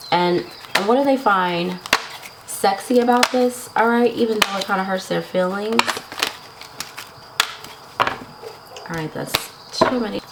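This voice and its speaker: A woman's voice: medium pitch, takes it slowly, gravelly, long pauses, very noisy. A woman giving a casual tarot reading to her viewers, chatty and laughing often, checking in with "right?" and "okay?". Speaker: tarot reader.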